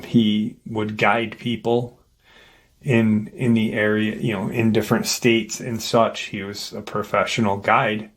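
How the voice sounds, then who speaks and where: A man hosting a paranormal channel, retelling an encounter story in an unhurried, hesitant way, full of fillers and restarts. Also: mid-range voice.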